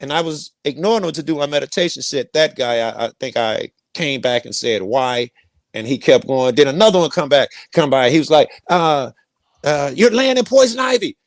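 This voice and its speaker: A man's voice: medium pitch, a little fast, no room sound. A middle-aged man telling a rambling personal story, profane and repeating himself. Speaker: guest storyteller.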